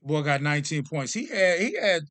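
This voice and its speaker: A man in his thirties or forties chatting to camera as a vlog host, telling stories in an animated, joking, self-deprecating way. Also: fairly high pitch, moderate pace, no echo. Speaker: vlogger host. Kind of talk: casual chat to camera.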